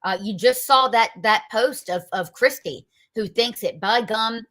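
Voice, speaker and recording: A woman's voice: a little high, unhurried, a bit bright. A woman hosting a political show, giving combative, emphatic commentary full of rhetorical questions. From North Carolina, US.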